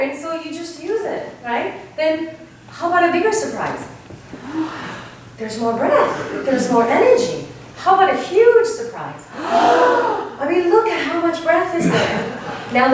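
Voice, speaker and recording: Echoey, animated woman vocal coach. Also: extremely high pitch, a little hiss or hum. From Argentina. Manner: lively and animated, often checking in with "right?". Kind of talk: teaching a vocal workshop. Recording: distant mic in a very echoey room.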